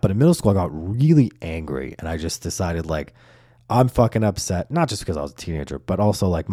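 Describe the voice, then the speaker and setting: A man's voice: on the low side, mellow, no echo, clean studio sound. A man hosting a solo podcast, telling stories in a loose, rambling way full of swearing and fillers. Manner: casual, profane, rambling with many fillers. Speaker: podcast host.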